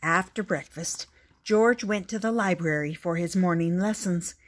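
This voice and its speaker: An older woman reading a children's picture book aloud, gentle and deliberate, with little asides to the listener. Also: on the low side, slight background noise. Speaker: storyteller.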